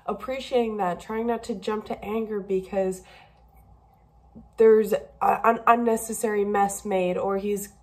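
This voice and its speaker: A woman's voice: medium pitch, fairly even intonation, a little slow. A young woman talking candidly in a personal video diary, emotional and a bit rambling, tearful at times. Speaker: vlogger.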